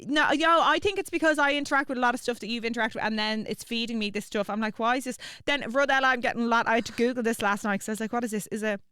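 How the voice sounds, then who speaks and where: A woman's voice: on the high side, racing, few pauses, bright, forceful tone, clean tone, dry recording, studio quality. A young Irish woman co-hosting a podcast, chatting casually with blunt, sweary storytelling. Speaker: podcast co-host. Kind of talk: casual chat.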